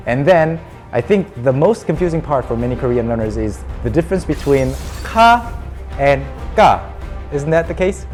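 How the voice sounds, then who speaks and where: A man teaching a pronunciation lesson at an ordinary middle pitch. His voice rises and falls freely as he explains. He patiently demonstrates each example syllable aloud, with soft music underneath. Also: sing-song, normal speed. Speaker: language teacher.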